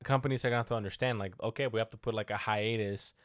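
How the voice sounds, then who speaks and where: A young man in casual chat, rambling and animated, restarting his sentences often. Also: on the low side, racing, dry recording, clean studio sound.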